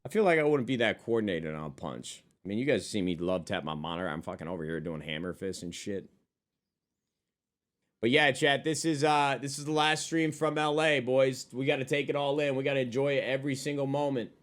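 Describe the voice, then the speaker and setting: A little fast and mid-range in pitch, a man's voice carries loose, profane jokes to his live stream audience. He sits at his desk by a monitor, going through chat messages and replying casually.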